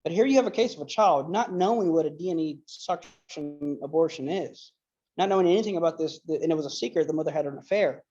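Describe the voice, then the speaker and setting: A man talks through a casual lecture in an earnest, rambling way, leaning on fillers and restarts. His voice sits low and mellow in tone. The recording is dull and lo-fi. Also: fast, slight background noise. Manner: emotional retelling. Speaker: apologetics speaker.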